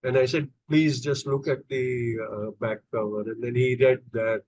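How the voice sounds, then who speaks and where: This middle-aged man from India tells personal stories as a podcast guest, hesitating and restarting often and leaning on fillers. His medium-pitched voice is steady and darkish at a normal speed, and the recording sounds dry and muffled.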